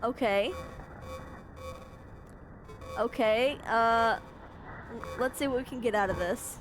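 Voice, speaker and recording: A woman's voice: fairly high pitch, takes it slowly. Playful woman streamer with music behind. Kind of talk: casual live-stream game commentary.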